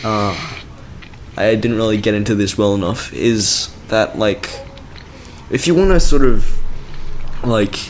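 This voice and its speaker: Rambling young man, lowish voice. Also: unhurried, long pauses, a little hiss or hum. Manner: rambling, laughs often, many fillers. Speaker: podcast co-host. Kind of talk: casual chat.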